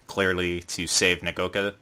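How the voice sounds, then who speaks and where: A man hosting a casual podcast, teasing his co-hosts and telling stories in an animated way. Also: low voice, moderate pace, clean tone. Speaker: podcast host.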